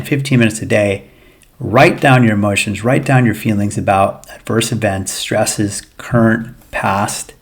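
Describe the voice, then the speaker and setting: A man with a low, gravelly voice speaks as a physical therapist coaching viewers. He talks in an earnest, repetitive way, circling back over his points and calling his audience "guys." The delivery feels like a casual talk straight to camera. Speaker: physical therapist giving pain recovery advice. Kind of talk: casual educational monologue to camera.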